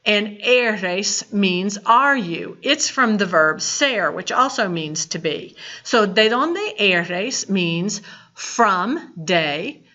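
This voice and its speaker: A woman teaching a Spanish lesson, explaining slowly and deliberately with playful asides. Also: medium pitch, animated, sharp tone. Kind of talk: recorded classroom lesson. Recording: dull lo-fi recording.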